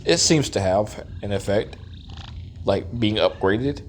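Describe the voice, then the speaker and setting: A man's voice: lowish voice, animated, slow pace, a little hiss or hum. A man with a stuffy, nasal voice giving casual gameplay commentary, thinking aloud and musing with fillers as he plays. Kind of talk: casual let's-play commentary.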